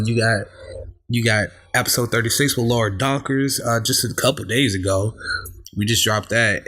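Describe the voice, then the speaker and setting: A man's voice: medium pitch, a bit bright. A man co-hosting a podcast, talking in a loose, laid-back way with many fillers. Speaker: podcast co-host. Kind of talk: casual podcast chat and outro.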